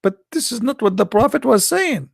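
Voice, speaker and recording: A man's voice: very high-pitched, animated, gravelly, no echo, studio quality. A man giving mocking religious commentary, sarcastic and sing-song, drawing out the words he quotes. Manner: sarcastic, sing-song mockery with slow drawn-out quoting.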